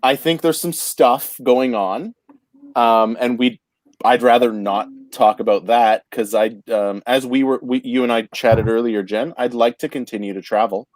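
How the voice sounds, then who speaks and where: A man from Canada hosting a casual talk show, halting and stammering with frequent restarts. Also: medium pitch, fairly even intonation, no room sound. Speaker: podcast host. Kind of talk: casual chat.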